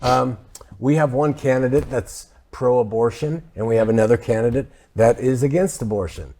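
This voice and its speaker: A man hosting a casual faith panel discussion, animated and jokey. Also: medium pitch, normal speed. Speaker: host.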